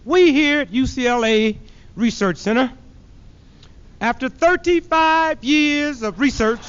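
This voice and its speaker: A man's voice: extremely high pitch, unhurried, fairly bright tone, clean tone. A man voicing a pompous male university professor announcing on television, in a puffed-up, theatrical way, on a dull lo-fi 1970s archive recording.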